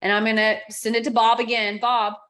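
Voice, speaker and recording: Woman talking through a software tutorial. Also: a little high, little pitch movement, fast. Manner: talks through clicks step by step, acts out client texts. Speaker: real estate software coach. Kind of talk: screen-share software tutorial.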